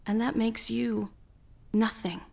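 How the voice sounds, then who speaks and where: Casting note: calm, defiant young woman in an audio story , read by the woman narrating, slow and firm. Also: a little high, vocal fry, heavily acted.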